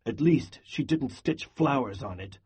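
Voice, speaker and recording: A husky-voiced man playing a harsh, scornful German soldier, speaking slowly and mockingly. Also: medium pitch, expressive, muffled recording.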